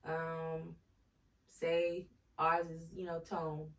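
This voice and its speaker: Candid woman cohost with a slight low voice, roomy off-mic sound. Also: very slow, far from the mic. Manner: candid, animated, trails off with "blah, blah". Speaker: podcast co-host. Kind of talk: casual chat.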